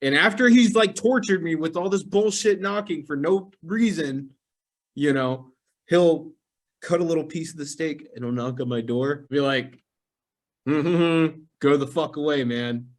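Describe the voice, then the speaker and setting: Animated young man telling stories. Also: a little high, moderate pace. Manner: animated storyteller, acts out quotes, laughs often. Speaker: podcast host. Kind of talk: casual chat.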